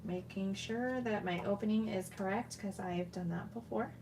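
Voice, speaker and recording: A woman's voice: medium pitch, normal speed, background noise. A woman chatting casually as she walks through making a handmade card, talking to herself as she works. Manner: chatty, talks to herself while working. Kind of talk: casual crafting tutorial.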